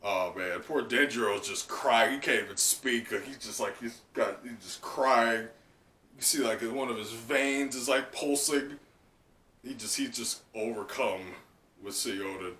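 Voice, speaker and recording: A man giving casual live reaction commentary, chatty and excitable, leaning on "like" as he talks. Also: mid-range voice, unhurried. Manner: excitable, chatty, heavy use of "like". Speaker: manga reaction channel host. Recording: roomy sound from a distant mic.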